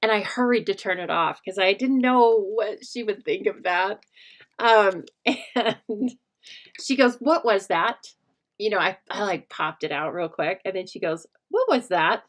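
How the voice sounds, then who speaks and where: Speaking at a measured pace in a mid-range voice, a middle-aged woman runs a relaxed craft demo livestream. She chats with her live viewers in a meandering way, laughing frequently.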